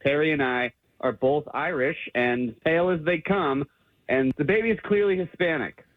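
A bitter, accusing man talks over a tinny phone line. His pitch sits slightly above average for a man. The sound is thin and dry. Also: moderate pace, dry recording. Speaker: caller on the phone.

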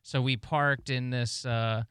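Man, casual co-host, smooth clear voice, bright, animated. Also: medium pitch, slow pace, no echo, clean studio sound. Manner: animated, mimics people. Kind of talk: casual chat.

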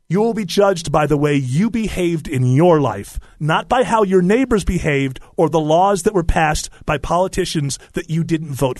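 A man's voice: high-pitched, dry recording, studio quality. A man hosting a talk podcast, talking with passion and preaching his opinions with strong emphasis. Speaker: host.

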